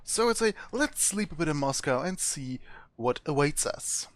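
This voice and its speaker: A man's voice: on the high side, lively intonation, normal speed, no echo. A man hosting a gameplay video, reading the game's text aloud and joking and laughing along as he plays. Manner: playful, laughing, swears casually. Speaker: let's play host.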